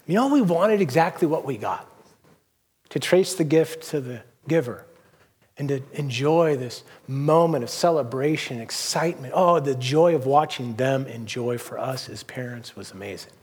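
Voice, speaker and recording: A man's voice: medium pitch, lively intonation, normal speed, husky. A middle-aged man pastor preaching a sermon in a loose, conversational storytelling manner, full of fillers and restarts. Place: church hall.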